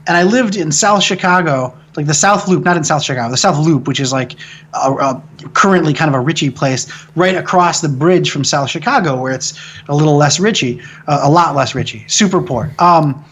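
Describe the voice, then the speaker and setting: A film director from the American Midwest talks through a personal story in a relaxed interview. He swears freely and rambles animatedly, often restarting his sentences. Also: on the high side, a little fast, breathy edge.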